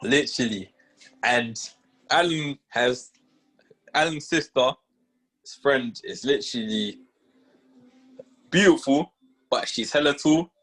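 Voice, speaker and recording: A young man co-hosting a casual podcast chat, teasing and joking with loud laughs. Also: mid-range voice, slow, long pauses. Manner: teasing, jokey, laughs loudly. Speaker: podcast co-host.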